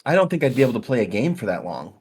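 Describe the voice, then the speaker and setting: A man's voice: medium pitch, very animated, very fast, darkish tone, husky. A man in his thirties co-hosting a podcast, sleepy and laid-back, with dry humor in casual chat. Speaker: podcast co-host.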